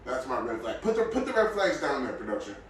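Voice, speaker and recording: A man hosting a podcast, talking casually in a blunt, opinionated way that swings between low mutters and loud outbursts. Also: very animated, fast, a little hiss or hum. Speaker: podcast host. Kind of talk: casual solo podcast rant. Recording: very echoey room, mic at a distance.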